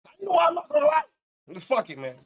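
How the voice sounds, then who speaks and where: A man's voice: very high voice, huge pitch swings, normal speed, husky. A man from Canada hosting a morning talk show, reacting to clips in loose, profane, laughing commentary. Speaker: show host. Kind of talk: casual commentary.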